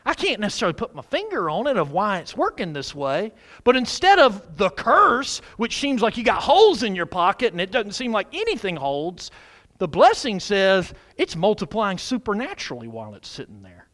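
A middle-aged man preaching with a high, lively voice that leaps up and drops away. He fires questions at the congregation and answers them himself, going from loud calls to hushed asides. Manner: dramatic swings from loud exclamation to quiet asides. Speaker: pastor. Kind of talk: sermon.

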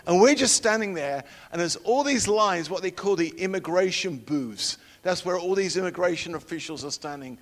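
Higher-voiced man preaching in a reverberant hall. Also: expressive, moderate pace, hardly any pauses. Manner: emphatic, swinging from loud declarations to hushed storytelling. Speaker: preacher and missionary trainer. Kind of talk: sermon with personal storytelling.

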